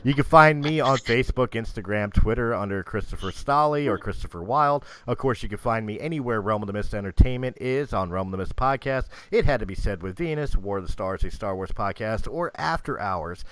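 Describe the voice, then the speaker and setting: Brief: male podcast host, lively swooping delivery, playful promo reads. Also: fairly low pitch, fairly quick, few pauses, smooth. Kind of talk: casual podcast chat and outro.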